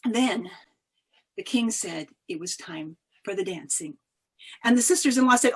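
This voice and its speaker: A woman telling a folk tale over a video call, expressive, with dramatic swings of loudness. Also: mid-range voice, normal speed, long pauses, husky. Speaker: storyteller. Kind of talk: oral folk-tale storytelling.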